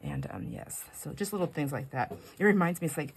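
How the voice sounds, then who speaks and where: Working on a craft at home, a middle-aged host chats in a meandering way, with frequent laughter and the odd whisper. She talks briskly in a low, sing-song, slightly rough voice.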